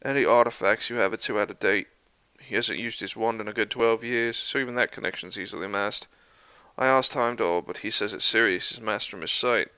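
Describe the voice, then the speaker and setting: Guy doing a sly trickster god, quiet and idle, crisp dry voice. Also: on the low side, fairly quick, no room sound, rough recording. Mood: calm.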